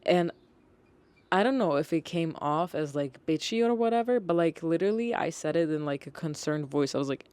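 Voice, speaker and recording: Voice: medium pitch, expressive, brisk, darkish tone, smooth, no room sound. A young adult podcast host casually telling work stories, exasperated and swearing freely, with lots of "like".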